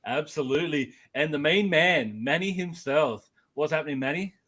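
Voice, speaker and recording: Man, podcast host, upbeat, energetic, slightly higher voice, casual chat. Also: moderate pace.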